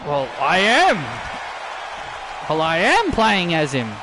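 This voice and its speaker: A man doing excitable play-by-play wrestling commentary over a video game, shouting on big moves and repeating himself. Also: sits high, slow pace, crowd noise, noisy background.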